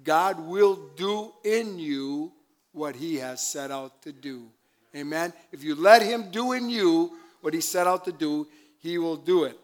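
An older man, a pastor, preaching a sermon in a church, chatty with laughing asides and calls for amen. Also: a little high. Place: church sanctuary.

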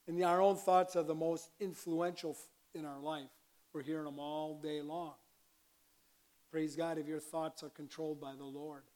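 A man preaching a conversational sermon as a pastor, with sudden bursts of loud emphasis. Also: on the high side.

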